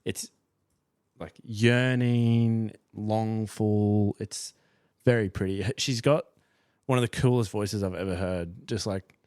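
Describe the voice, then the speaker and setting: A young man co-hosts a music podcast in loose, joking chat. His voice sits fairly low and he often trails off mid-thought. The sound is close and dry. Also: steady tone, slow, a little mellow, clean tone, dry recording. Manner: laid-back, playful, trails off. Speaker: podcast co-host. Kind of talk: casual chat.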